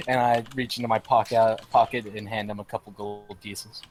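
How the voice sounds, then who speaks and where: A man playing a tabletop game, speaking in a measured, polite way as his character. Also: fairly low pitch, little pitch movement, a little hiss or hum. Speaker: player. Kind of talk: tabletop role-play.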